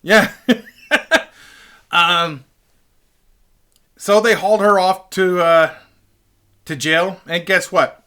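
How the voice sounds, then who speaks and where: A man's voice: high-pitched, fairly even intonation, very slow, long pauses, pushed and bright, clear, resonant tone. A man casually telling a rambling, profane story straight to his webcam, with lots of fillers. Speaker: vlogger. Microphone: webcam picking up the mic closely.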